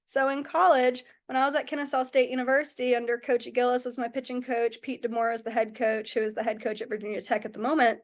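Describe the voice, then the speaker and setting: A young woman who coaches softball pitching, telling stories in a chatty way with many "like"s. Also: flat delivery, fast talker, few pauses. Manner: chatty, lots of "like" and "oh my goodness". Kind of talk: casual coaching talk with storytelling.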